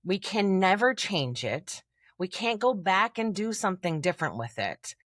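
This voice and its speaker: A woman coach speaking in a podcast interview, talking freely and acting out inner voices with big jumps in pitch. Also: very animated, normal speed, fairly bright tone, no echo, studio quality. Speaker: confidence coach guest.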